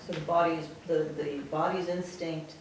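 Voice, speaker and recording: Woman participant, low voice, off-mic in an echoey room, faint hiss behind, short tentative questions. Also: little pitch movement, moderate pace. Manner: brief affirmations and tentative clarifying questions. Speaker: group participant asking questions. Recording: distant, very echoey room with faint background noise.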